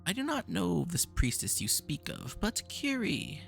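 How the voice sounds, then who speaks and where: Casting: man doing a pompous eccentric mage, gravelly, swoops up and down a lot. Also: sits high, huge pitch swings, measured pace, soft background music, voice pushed up, full character voice. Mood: grandiose. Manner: pompous, theatrical, touchy. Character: grandiose eccentric male mage, game's creator.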